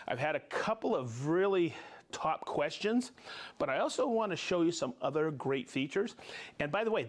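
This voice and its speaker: A man hosting a live tool demonstration show, talking casually with jokes and quick bursts of speech. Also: on the high side. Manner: jokey, upbeat, quick bursts of talk. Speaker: host of a tool demo show. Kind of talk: casual live demo chat.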